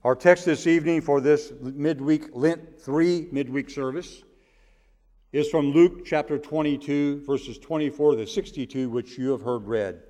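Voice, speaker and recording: A man preaching a sermon as pastor, measured and emphatic, leaning hard on repeated words. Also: fairly high pitch, warm tone, long reverb tail. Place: church sanctuary.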